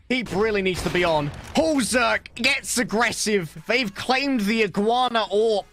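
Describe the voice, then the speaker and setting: A man casting a live esports match, jokey and excitable, dropping low for quiet moments and rising high on big plays. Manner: excitable, jokey, swings from low murmurs to high hype calls. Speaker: esports caster. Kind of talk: live esports play-by-play commentary.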